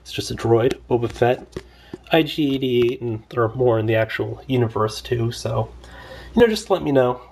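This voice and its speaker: Gravelly-voiced man rambling through a toy review. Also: mid-range voice, expressive, moderate pace, a little mellow, a little hiss or hum. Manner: rambling, loose, lots of fillers. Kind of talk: casual toy review vlog.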